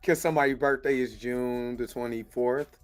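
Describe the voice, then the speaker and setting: A man's voice: medium pitch, steady tone, moderate pace, faint music behind. A man hosting a podcast in casual, joking chat, laughing often. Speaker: podcast host. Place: lives in Kansas City.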